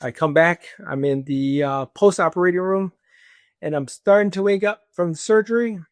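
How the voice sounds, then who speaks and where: A guest with a high, clear and resonant voice tells a personal story in casual conversation at normal speed, with no room sound. He acts out other people's voices and uses fillers like "this and that."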